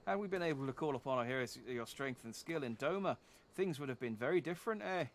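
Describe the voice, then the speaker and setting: A man's voice: medium pitch, animated, close to an everyday voice. A man doing a gracious old Canadian father. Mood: earnest. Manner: ends lines with a drawn-out "eh?".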